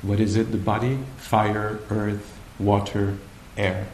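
Guy teaching meditation, lowish voice, laid back and playful, roomy hall w faint hum. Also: monotone. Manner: gentle, playful, pauses often. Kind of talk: dharma talk.

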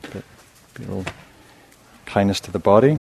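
A middle-aged meditation teacher speaks to a live audience in a soft, gentle way. His voice is very low and deep. He pauses often, with fillers and restarts. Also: creaky, breathy edge. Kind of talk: dharma talk to a live audience.

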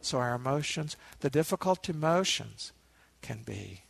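A man giving a meditation dharma talk, a relaxed storyteller who adds asides to his listeners. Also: mid-range voice, unhurried, gravelly, dry recording. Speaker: meditation teacher.

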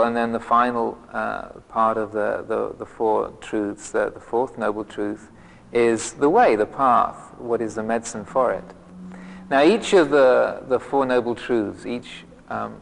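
Gravelly monk giving a rambling dharma talk. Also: male voice, medium pitch, long reverb tail, low-quality recording. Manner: rambling, many restarts and fillers, self-mocking humor. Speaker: monk teacher. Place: monastery meditation hall.

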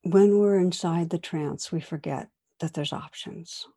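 A woman meditation teacher giving a dharma talk, telling a story in a gentle, reflective way. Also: on the low side, measured pace, slightly rough. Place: meditation hall.

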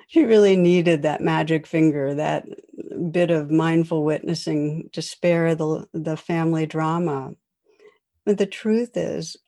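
A woman meditation teacher gives a dharma talk in a warm, mellow voice. She guides listeners gently and without hurry, leaving soft pauses between her invitations. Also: sits low.

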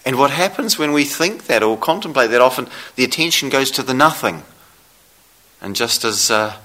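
A man giving a dharma talk as a meditation teacher, speaking slowly and reflectively with long pauses. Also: mid-range voice, expressive, sharp tone. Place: meditation hall.

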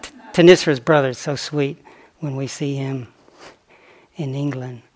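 A man giving a dharma talk on retreat as a meditation teacher, reflective and unhurried, with playful asides. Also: medium pitch, steady tone, a little mellow.

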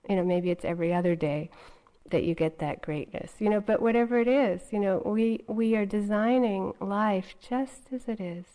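A woman's voice: mid-range voice, warm tone, poor audio. A woman meditation teacher giving a dharma talk in a conversational way, often adding "you know" as she goes.

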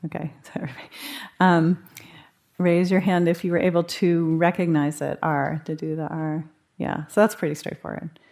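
A woman's voice: deep voice, a little mellow. A woman guiding a live meditation retreat group in a conversational manner, acting out inner thoughts as little quoted asides. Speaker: meditation teacher.

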